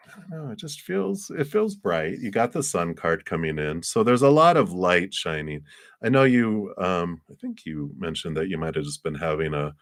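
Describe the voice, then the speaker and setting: Man, very low voice, tarot reader, livestream reading, rambling, gentle. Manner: meandering, searching for words; gentle, affectionate sign-offs.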